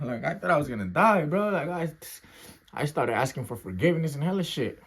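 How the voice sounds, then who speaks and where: A man recounts a rough story in loose, slang-heavy talk, checking in with his listeners every few phrases. His voice sits at a middling pitch, and he breaks into sound effects and gasps to act out the moment. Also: sing-song, fairly quick. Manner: slangy, street talk, keeps checking in with "right?" and "bro"; acts out sounds and gasps while telling. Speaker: storyteller recounting his youth custody experience. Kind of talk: casual storytelling to camera.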